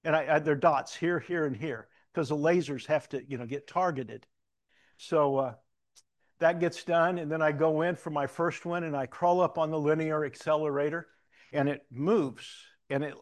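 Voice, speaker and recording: A man's voice: on the high side, moderate pace. An older man giving an informal sermon, telling personal stories in a rambling, conversational way with frequent restarts. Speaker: preacher.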